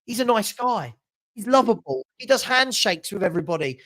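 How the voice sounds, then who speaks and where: A man's voice: high voice, very animated, brisk, fairly bright tone. A man hosting a fan channel, ranting passionately about his football club in heated chat and stumbling over repeated words. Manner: passionate ranting, repeats himself, laughs often.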